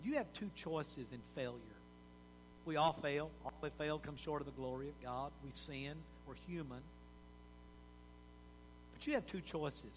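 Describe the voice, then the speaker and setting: A man with a high voice preaches a sermon in a folksy, animated way, slipping into the voices of the people in his story. His words carry a long reverb from a big church hall. A faint hum runs beneath him. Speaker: pastor.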